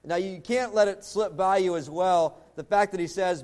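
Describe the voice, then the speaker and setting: Male pastor with a high voice, earnest preaching style, slows for emphasis. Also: darkish tone. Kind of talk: sermon.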